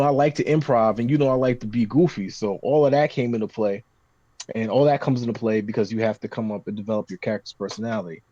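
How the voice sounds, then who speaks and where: Low-voiced man, casual podcast chat. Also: dry recording. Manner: rambling, many restarts, animated when describing scenes. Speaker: podcast guest talking tabletop games. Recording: dry, slightly muffled podcast recording.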